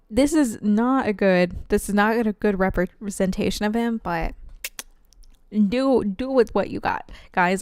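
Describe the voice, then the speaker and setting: A woman's voice: medium pitch, smooth, dry recording, studio quality. A young woman streaming a game who chats casually, rambling with frequent giggles. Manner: rambling, giggly, lots of fillers and restarts. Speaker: cozy gaming streamer.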